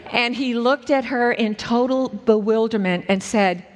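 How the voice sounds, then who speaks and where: A woman preacher telling a story in a sermon, earnest and slowing down at dramatic moments. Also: fairly high pitch. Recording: echoey hall with long reverb.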